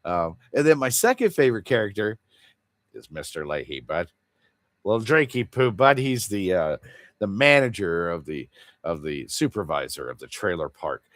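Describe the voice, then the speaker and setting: A man's voice: low-pitched, sing-song, moderate pace, fairly bright tone, dry recording. A man hosting a casual livestream chat, rambling in an earnest and confessional way. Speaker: livestream host.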